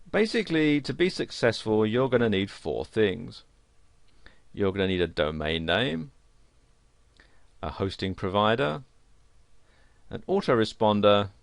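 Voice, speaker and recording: Guy explaining a course, fry in his voice, dead dry mic. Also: low-pitched, no room sound. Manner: plain explanatory delivery with fillers. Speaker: course instructor. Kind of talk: screen-recorded tutorial narration.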